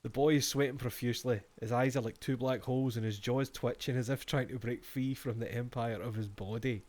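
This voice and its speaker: A man's voice: mid-range voice, steady tone, fairly quick, a little mellow. Male streamer, casual, reads game text aloud, salty asides. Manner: profane, laughing asides between read-outs.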